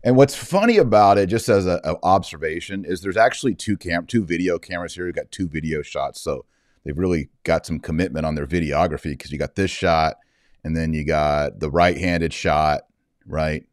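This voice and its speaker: A man with a very low voice hosts a casual commentary show. He talks in a chatty, joking way, with plenty of asides. The sound is dry and close, with no room echo. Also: moderate pace. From Texas. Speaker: host. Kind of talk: casual commentary on video clips.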